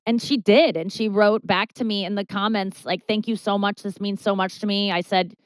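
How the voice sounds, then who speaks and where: A woman's voice: normal speed, clear, resonant tone, dry recording, rough recording. A woman comedian, a talk-show guest, telling a candid story with swearing and stammered restarts, her voice leaping up when she quotes people. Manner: animated, jumps high when quoting herself and others, swears, stammers.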